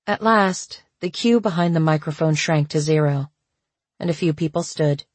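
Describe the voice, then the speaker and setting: An audiobook narrator reading a novel in a steady, measured way. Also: medium pitch, no echo. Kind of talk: scripted narration.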